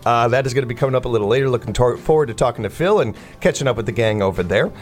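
A middle-aged man hosting a casual morning radio show in a studio, chatty and quick to laugh. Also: mid-range voice. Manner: chatty, laughs often, stumbles and restarts.

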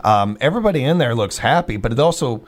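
A man's voice: medium pitch, lively intonation, fast. A man hosting a casual banter show, rambling and joking at his own expense, often restarting his sentences. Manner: rambling, self-mocking, stammering restarts. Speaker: show host.

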